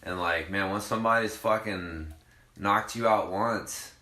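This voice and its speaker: A man with a very low, bright-edged voice chats casually on a podcast, easygoing and agreeable. The recording has a roomy echo. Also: measured pace. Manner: laid-back, agreeable, swears casually. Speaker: podcast co-host. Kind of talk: casual chat.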